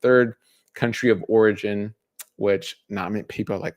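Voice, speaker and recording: A man's voice: fairly low pitch, steady tone, normal speed, dry recording, clean studio sound. A man in his thirties, a dietitian hosting a live stream, explaining casually and counting off points in a list. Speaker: dietitian host.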